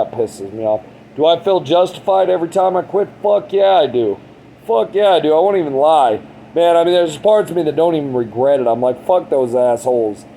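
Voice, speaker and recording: A man's voice: medium pitch, dark tone, slight background noise, poor audio. A man in his thirties talking bluntly and frankly in a casual monologue, rambling and swearing a lot. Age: 30s. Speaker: vlogger.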